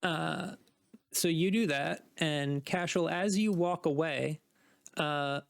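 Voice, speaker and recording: A man's voice: on the high side, takes it slowly, creaky, no echo. A man running a tabletop game as dungeon master, narrating casually with fillers.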